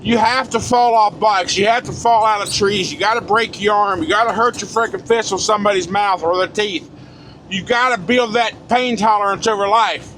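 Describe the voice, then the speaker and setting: Trucker guy in his 40s ranting, cussing a lot, voice up high, loud road noise in the cab. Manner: blunt, profane, fired-up. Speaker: truck driver vlogger. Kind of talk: casual ranting monologue.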